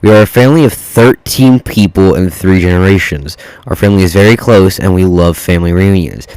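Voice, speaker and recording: Deep-voiced man reading reddit posts, swearing. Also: fairly quick, darkish tone, smooth, no room sound, rough recording. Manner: swears freely, reacts to typos mid-read. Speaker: reddit story reader. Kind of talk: casual reading and commentary.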